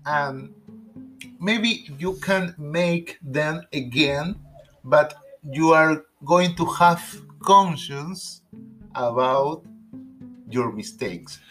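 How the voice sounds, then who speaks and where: A man whose first language is Spanish, speaking English in a halting, careful way during a casual conversation. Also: a little high, fairly bright tone, faint music behind, poor audio. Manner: slow, halting, careful non-native phrasing.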